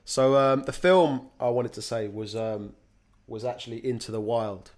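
A man who works as an actor, talking as a podcast guest in a casual, slangy way, often restarting his sentences. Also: mid-range voice. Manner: halting, many restarts, slangy.

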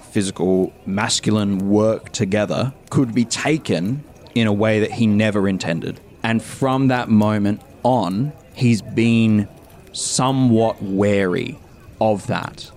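A man, a player describing his character, speaking thoughtfully with halting restarts. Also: on the low side, steady tone, a little mellow. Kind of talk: discussing and narrating a tabletop game.

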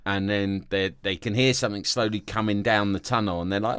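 A man co-hosting a comedy podcast who tells crude, animated stories, recorded in a small cupboard. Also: lowish voice, brisk, smooth, no room sound. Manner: crude, animated storytelling with swearing. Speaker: podcast co-host. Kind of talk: casual comedic chat.

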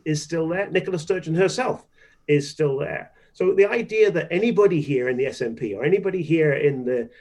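A man's voice: fairly high pitch, a little mellow. A man, a politician guest on a radio interview, speaking emphatically and repeating phrases for stress.

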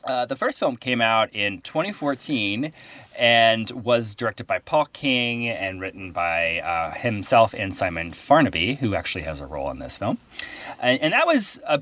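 Guy hosting a movie podcast, excited, voice bouncing up and down. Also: lowish voice, moderate pace, no echo. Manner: enthusiastic, animated. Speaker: podcast host. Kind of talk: casual film podcast chat.

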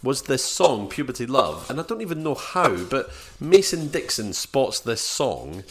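A man's voice: mid-range voice, big pitch swings, measured pace, fairly bright tone. A man co-hosting a casual film review podcast, rambling and retelling scenes in quoted voices. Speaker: podcast co-host.

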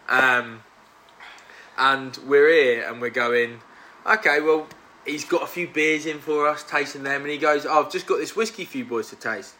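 A man's voice: mid-range voice, sharp tone, a little hiss or hum. A man hosting a casual podcast chat with his mates, telling a story and acting out what people said. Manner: chatty storyteller, acts out quotes. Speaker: podcast host.

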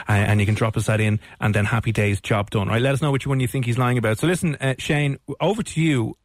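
Irish man, radio host, rapid talker, dry studio sound. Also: mid-range voice, no echo. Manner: quick, joking, teasing. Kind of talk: live radio chat.

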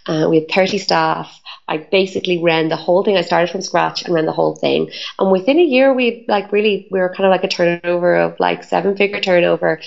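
A woman's voice: on the low side, creaky, lo-fi sound. A woman telling her story as an interview guest, chatty and full of "like" and "um" fillers. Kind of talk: casual storytelling.

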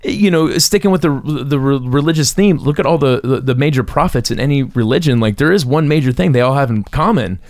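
A man's voice: medium pitch, expressive, brisk, few pauses, a little mellow, no echo, studio quality. A man co-hosting a podcast in casual chat, often stopping and repeating words as he thinks. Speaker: podcast co-host.

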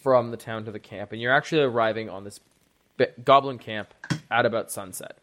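A man's voice: mid-range voice, a little fast, a little hiss or hum. A man narrating as game master of a tabletop game, casual and full of "like". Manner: animated, filler-heavy, casual.

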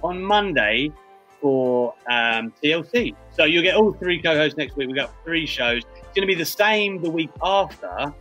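A man's voice: fairly high pitch, animated, moderate pace, hardly any pauses, bright, forceful tone, faint music behind. A man hosting a casual wrestling podcast, chatting in a rambling way with frequent restarts. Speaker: podcast host.

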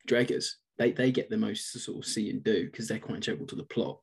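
A man's voice: lowish voice, fast talker, gravelly, slightly rough. A man co-hosting a podcast, who chats casually about a film and retells scenes at length with enthusiasm. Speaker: podcast co-host. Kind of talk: casual film review chat.

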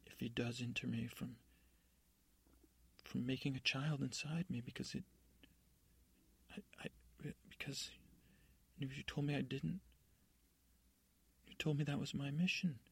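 Brief: man voicing a frightened young princess, sobbing and pleading, husky and dry. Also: mid-range voice, fairly even intonation, unhurried, long pauses, no echo, full character voice. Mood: tearful pleading.

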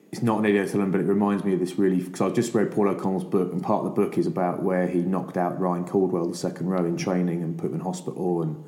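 A man with a deep, dark voice hosts a casual podcast chat. He tells anecdotes in a chatty, easygoing way. The recording sits in an echoey room. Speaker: podcast host.

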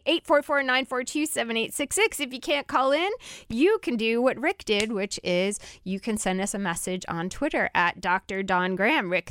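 A woman hosts a call-in radio show in a chatty, easygoing way and laughs readily. Her voice is smooth and clear. The sound is dry and close. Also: medium pitch, a bit bright, dry recording.

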